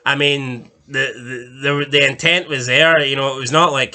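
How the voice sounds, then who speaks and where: A male podcast co-host, medium-pitched with fairly even intonation and a sharp tone, talks at a moderate pace. The conversation is a casual ranking of TV deaths, loose and rambling, with fillers and swearing.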